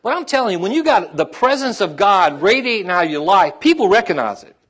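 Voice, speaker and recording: A male pastor preaching a sermon in a conversational way, repeating phrases and often asking the congregation "amen?", rising in pitch and volume as he stirs them up. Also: big pitch swings, a little fast, fairly bright tone. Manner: rises in pitch and volume when stirring the congregation.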